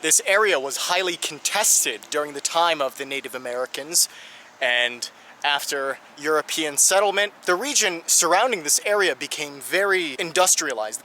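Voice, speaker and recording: Male travel vlogger, keen tour-guide delivery, higher pitch, crisp, a faint hum behind. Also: sharp tone. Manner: enthusiastic, guide-like explaining. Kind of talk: travel vlog narration.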